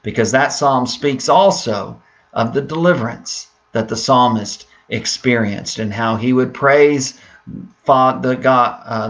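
A man's voice: mid-range voice, fairly bright tone. Earnest male pastor preaching. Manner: earnest, reads scripture aloud with rising emphasis; hesitant fillers, repeats words. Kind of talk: sermon.

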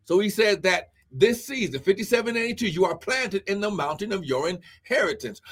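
A man preaching a fervent live-streamed sermon, calling out to listeners and shouting praise. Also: high voice, normal speed, slightly rough. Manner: fervent, punctuated with "glory" and "come on now".

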